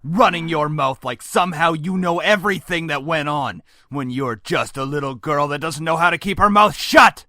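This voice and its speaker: A man's voice: fairly high pitch, moderate pace, few pauses, pushed and bright, no echo, studio quality. A man voicing a stern, controlling middle-aged father in a game, talking down in a cold, commanding way. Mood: furious.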